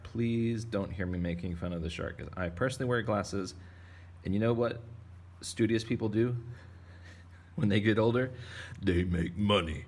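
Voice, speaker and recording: A man teaching a drawing lesson for kids, talking in a playful, rambling, jokey way as he draws. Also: on the low side. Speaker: art teacher.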